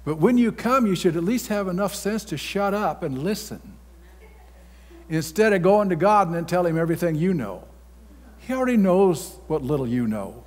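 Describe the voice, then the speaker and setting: A large church hall's long reverb surrounds a man pastor as he preaches. His voice is high and expressive at a moderate pace, and his folksy, blunt sermon is broken up by sudden loud outbursts.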